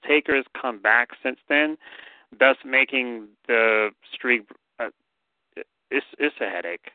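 A man's voice: mid-range voice, slow pace, dry recording. A man giving blunt, opinionated takes in casual podcast chat. His voice sounds tinny and narrow, like a phone line. There is little room sound around it. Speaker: podcast co-host.

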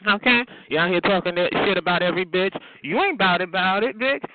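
Man, phone-line audio: profane taunting rant, pitch spiking when yelling. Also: fast talker. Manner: profane, taunting, repeats "okay?". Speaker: chat line caller. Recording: tinny phone line with hiss.

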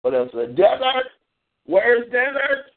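A high-voiced man hosting a call-in talk show rants in exasperation, his pitch leaping up and dropping low. He's very animated but unhurried, and the audio is thin and tinny like a phone line.

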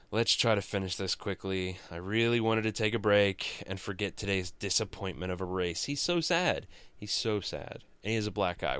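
A man's voice: fairly low pitch, a bit bright, clear, resonant tone, dry recording. A man hosting a comics podcast, giving a casual, rambling and jokey recap that often interrupts itself.

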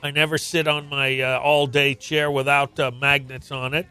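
A man's voice: medium pitch, level tone, moderate pace, sharp tone, clear, resonant tone, no room sound, soft background music. A man hosting a radio show, talking casually and chattily with many fillers. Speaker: radio host.

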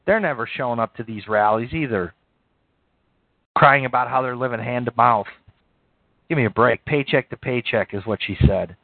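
A man's voice: mid-range voice, normal speed, vocal fry, pauses often, dry recording. A man hosting a live stream, giving blunt, profane, dismissive reaction commentary. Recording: dry, tinny phone-like sound.

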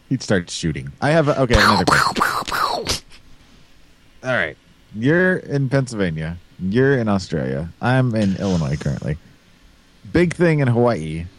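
A man co-hosting a podcast in casual chat, rambling with crude jokes and lots of fillers over a remote call mic. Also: on the low side. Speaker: podcast co-host.

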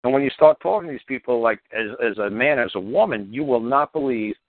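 A man's voice: medium pitch, expressive, fast, dry recording. A man hosting a call-in radio show, talking in a blunt, profane, rambling and emphatic way, over a tinny phone-like line with dry sound.

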